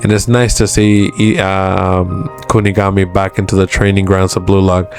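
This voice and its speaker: A man's voice: sits low, little pitch movement, moderate pace, creaky, soft background music. A man hosting a casual manga review, retelling a chapter's dialogue with constant "he's like" tags.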